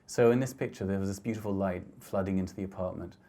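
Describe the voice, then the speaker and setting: A middle-aged man giving a reflective talk about his photographs, speaking gently and haltingly with frequent restarts. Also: low-pitched. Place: lecture hall.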